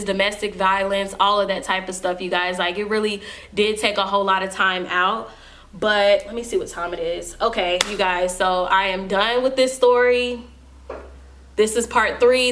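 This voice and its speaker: A woman's voice: mid-range voice, a bit bright. A young woman telling a personal story to her viewers in a casual, emphatic storytime vlog. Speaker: vlogger.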